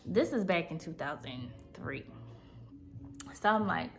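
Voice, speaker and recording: A woman's voice: fairly low pitch, expressive, a little slow, gravelly, soft background music. A woman in her thirties from Southern California, telling her own life story to her viewers in a chatty, confiding way and often checking in with them. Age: 30s. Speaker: vlogger. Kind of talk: personal story time.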